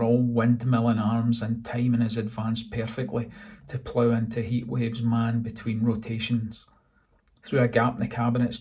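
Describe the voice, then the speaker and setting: A Scottish man, the author, narrating his own novel in a steady, dry reading. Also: medium pitch. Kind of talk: audiobook narration.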